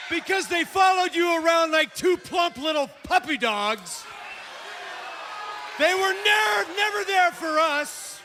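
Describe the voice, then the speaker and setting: Casting: male wrestler, loud scolding in-ring speech, very high pitched, faint crowd. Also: a little hiss or hum. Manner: commanding, scolding, emphatic. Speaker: wrestler cutting a promo. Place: arena ring.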